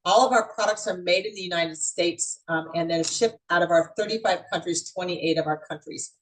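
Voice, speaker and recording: A woman's voice: on the low side, fairly quick, poor audio. A woman in her mid sixties hosting an online beauty event, chatty and upbeat, talking straight to her audience. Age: 60s. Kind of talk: casual online presentation.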